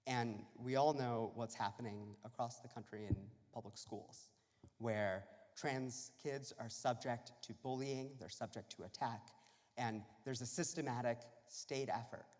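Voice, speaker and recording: Guy giving a speech in a church, earnest, says um a lot, echoey hall. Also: mid-range voice. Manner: earnest, measured, with fillers. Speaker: state civil rights official. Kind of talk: public speech.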